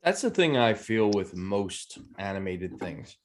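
A man's voice: deep voice, sing-song, a little slow. A man joining a pop-culture podcast in casual chat, talking bluntly and swearing. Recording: clear background noise.

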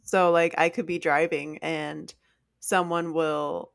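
A woman's voice: deep voice, level tone, slow, creaky, no echo, studio quality. A woman co-hosting a podcast in casual chat, easygoing and talkative. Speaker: podcast co-host.

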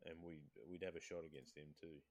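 A man hosting a casual podcast chat, playful and quick to laugh. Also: very deep voice, steady tone, a little mellow. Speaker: podcast host.

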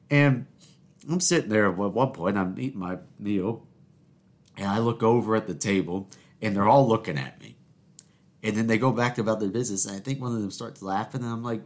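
A man's voice: medium pitch, a little fast. A man hosting a solo podcast, rambling through stories and scolding himself by name, with lots of stammered repeats. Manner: talks to himself in the second person, animated storytelling with repeated "I, I". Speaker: podcast host.

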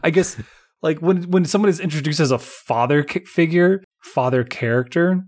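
A man's voice: a little high, normal speed. A man co-hosting a podcast, rambling casually about a movie with many restarts and repeated words. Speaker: podcast co-host. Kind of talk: casual movie-review chat.

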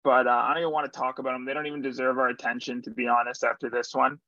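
A man's voice: medium pitch, little pitch movement, very fast, sharp tone, no room sound. A young man on a sports podcast, talking through his picks in a casual, confident way. His voice sits in a middle register. The recording is dry and a little dull. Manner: confident, rattles off picks and betting lines. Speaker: podcast co-host.

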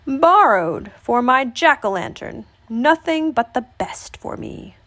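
Lady doing a breezy old storybook wizard, absent-minded, slow. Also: high-pitched, lively intonation, a bit bright, voice pushed up, full character voice. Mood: airy. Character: absent-minded 900-year-old male wizard, pleased with himself.

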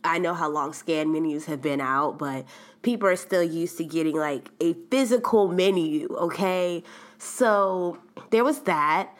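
A young adult woman hosting a podcast, telling a story in a chatty, animated way and laughing often. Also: lowish voice, measured pace. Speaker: podcast host. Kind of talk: casual storytelling monologue.

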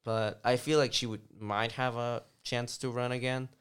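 A man talking politics in a casual, rambling chat, often halting and restarting mid-sentence. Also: medium pitch, level tone, smooth.

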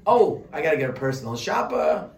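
A man giving a humorous religious lesson, animated and joking, full of rhetorical questions. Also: on the high side, brisk. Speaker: Torah teacher. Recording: roomy sound from a distant mic.

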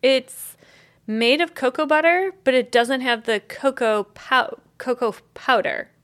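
A woman's voice: sits high, a little slow, a bit bright. A woman co-hosting a podcast, telling a story in casual chat, with lots of "like" and "um" and the odd swear. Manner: rambling storyteller, heavy on fillers and "like". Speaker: podcast co-host.

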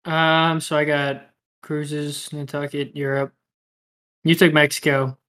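Young man, podcast co-host, casual chat, rambling and swearing, somewhat high voice, bright tone. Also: flat delivery, takes it slowly. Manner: rambling, profane, laughs often.

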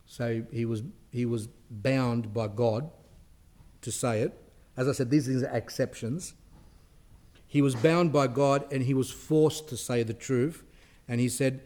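A man's voice: mid-range voice, fairly even intonation, unhurried, pauses often, warm tone. A man, a priest, reading aloud from a religious text and explaining it in a spiritual talk, stressing key points with rising emphasis.

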